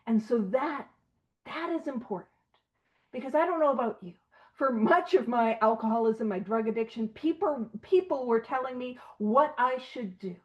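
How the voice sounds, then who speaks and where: Over a video call, a woman with a slightly high, expressive voice leads an online recovery study at a moderate pace, in a low-quality recording. Her conversational study talk is earnest and emphatic, sometimes broken by a light aside.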